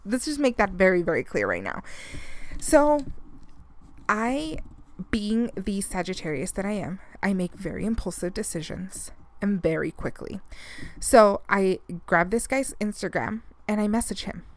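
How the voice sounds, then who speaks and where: A woman's voice: medium pitch, sing-song, unhurried, slight background noise. A woman podcast host who is also a mother, telling a story in casual chat, with lots of fillers and frequent laughs. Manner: chatty storytelling, many fillers, laughs often.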